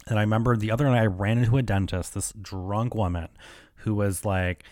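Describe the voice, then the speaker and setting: Man, young adult, low voice, dry recording, casual solo podcast, profane rambling chat. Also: fairly even intonation, fast, darkish tone, no echo. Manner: chatty, profane, filler-heavy storytelling. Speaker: podcast host.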